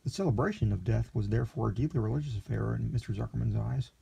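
Brief: male storyteller, deep dark timbre, raspy and gravelly, plain unhurried reading.

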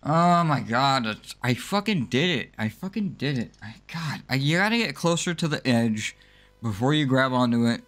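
A gamer man narrates his playthrough with a very lively voice that swings all over the place. He swears freely and rants at himself in exasperation, and he breaks into sudden high-pitched yelps when things go wrong. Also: normal speed. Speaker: let's play gamer. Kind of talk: live gameplay commentary.

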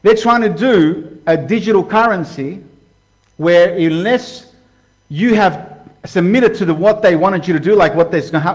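A man preaching casually to his viewers, animated and direct, calling them "guys" and acting out quoted voices. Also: on the high side. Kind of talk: casual sermon to camera.

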